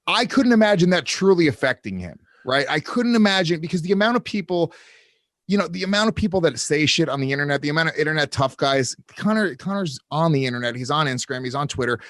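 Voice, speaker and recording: A man's voice: fairly high pitch, fairly bright tone, no room sound. Loose-talking man, dry close sound. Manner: loose, profane, rambling. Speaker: podcast co-host. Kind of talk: casual podcast chat.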